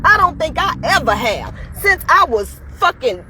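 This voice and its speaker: A woman's voice: high-pitched, big pitch swings, moderate pace, bright, forceful tone, a little hiss or hum. A woman in her forties ranting to her phone camera, blunt and emphatic, swearing heavily and repeating her points. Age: 40s. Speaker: school cafeteria worker. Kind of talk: profane personal rant to camera.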